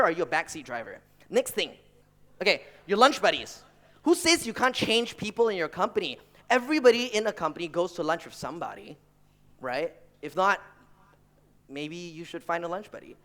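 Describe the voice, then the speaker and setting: A man in his thirties speaks to an audience, turning business advice into stories and acting out the people in them. His voice sits a bit high and sounds bright and forceful. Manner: animated storyteller who acts out family members and colleagues. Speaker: entrepreneur giving a talk. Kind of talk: stage talk with acted anecdotes.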